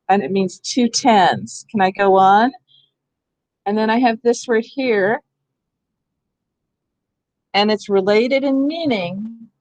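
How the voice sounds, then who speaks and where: A woman's voice: medium pitch, darkish tone, no echo, rough recording. A woman training teachers in a hands-on reading workshop, explaining step by step and thinking aloud. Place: school room.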